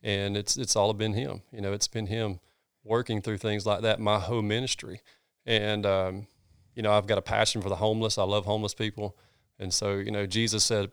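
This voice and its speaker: Earnest Southern pastor telling stories. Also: male voice, on the low side, moderate pace, smooth, no room sound, studio quality. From North Georgia, US. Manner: earnest, animated storyteller with folksy sayings. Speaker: pastor, guest. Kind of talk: casual storytelling interview.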